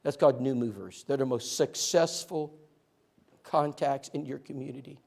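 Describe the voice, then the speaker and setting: A man training a church group in outreach, telling stories in a lively, joking way and speaking to listeners directly. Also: medium pitch, normal speed, creaky. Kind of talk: animated storytelling talk to a church group.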